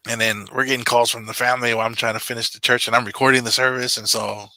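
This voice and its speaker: Bright-toned, dry-sounding man telling a story. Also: medium pitch, level tone, racing, no echo. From Samoan. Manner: earnest storytelling, frequent fillers and restarts. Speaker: channel member guest. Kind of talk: casual video call chat.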